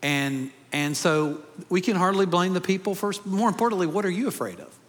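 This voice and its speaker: Joking pastor preaching in a large hall. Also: male voice, sits high, lively intonation, fairly quick. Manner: conversational, joking asides to the congregation. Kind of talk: sermon.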